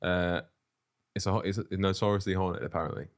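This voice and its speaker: A man's voice: fairly even intonation, fairly quick. A man co-hosting a podcast, chatting casually, swearing freely and acting out the people he quotes. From England. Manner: swears freely, acts out quotes with big pitch jumps. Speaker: podcast co-host. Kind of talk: casual chat.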